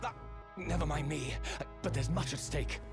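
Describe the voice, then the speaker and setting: A man voicing a wounded gentleman detective who talks in a strained, urgent, gentlemanly way. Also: a little high, normal speed, over music, voice pushed up, natural voice.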